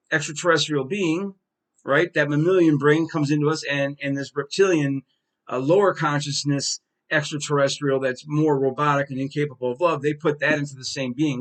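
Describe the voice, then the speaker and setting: A man hosting his own podcast, delivering a heated, profane solo monologue with strong emphasis. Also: on the high side. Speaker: podcast host.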